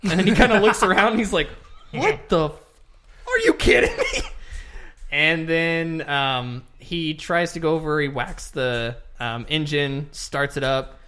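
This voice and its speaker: A young man co-hosting a casual podcast, retelling a film plot in animated detail and acting out the characters' lines. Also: fairly high pitch, unhurried. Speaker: podcast co-host reviewing a movie.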